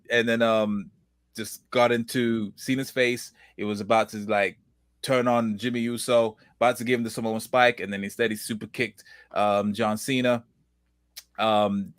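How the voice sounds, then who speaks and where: A man's voice: medium pitch, a bit bright, no echo, studio quality. A man co-hosting a casual wrestling podcast, rambling with lots of fillers and restarts and greeting viewers in the comments. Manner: reads viewer comments aloud. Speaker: podcast co-host.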